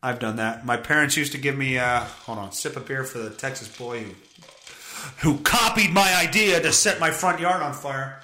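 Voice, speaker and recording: A man's voice: mid-range voice, moderate pace, sharp tone, roomy sound. A male podcast host reading news stories aloud and mocking them with sarcastic, profane commentary. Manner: sarcastic, swears often, mocks the stories he reads.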